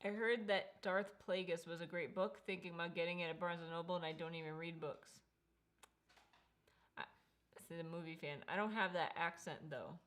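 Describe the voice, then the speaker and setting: Teasing, bright-voiced woman co-host. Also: fairly low pitch, fairly even intonation, normal speed. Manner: teasing, laughing. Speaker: co-host of a book livestream. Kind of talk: casual chat.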